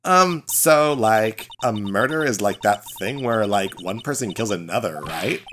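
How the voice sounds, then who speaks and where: A man's voice: animated, a little slow, fairly bright tone, slight background noise. A man voicing a bubbly, ditzy young female college student in a put-on Valley Girl accent, full of "like". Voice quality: high, breezy, filler-heavy "like" talk.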